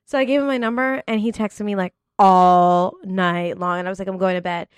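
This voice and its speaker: Young woman, chatty storyteller, casual chat, mid pitch, dry close sound. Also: fairly even intonation, brisk, clear, resonant tone, no echo. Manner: chatty, fillers like "like", laughs often.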